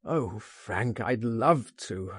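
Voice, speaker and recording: A frightened, despairing man pleads and wails in a raised, husky voice, as a male reader puts him on. His lines swing up high and trail off, recorded dry and close. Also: huge pitch swings, slow, mellow, no echo, exaggerated voice. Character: anguished middle-aged man dreading arrest.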